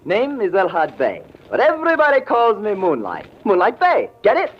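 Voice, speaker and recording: A chatty young jive pianist rattles off hipster slang. His voice sits high and swoops all over the place, heard through dull vintage radio sound, 1940s radio acting. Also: huge pitch swings, moderate pace, full character voice. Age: young adult.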